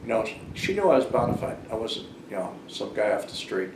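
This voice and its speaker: A man's voice: lowish voice, sing-song, brisk. An older man telling a rambling personal story in a casual monologue, full of fillers and restarts. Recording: roomy and noisy, far from the mic.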